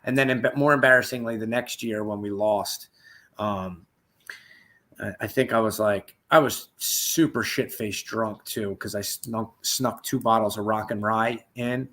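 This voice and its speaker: A man's voice: fairly low pitch, steady tone, measured pace, a bit bright. A man hosting a podcast, telling a rowdy story in casual, profane chat and acting out the quotes. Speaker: podcast host.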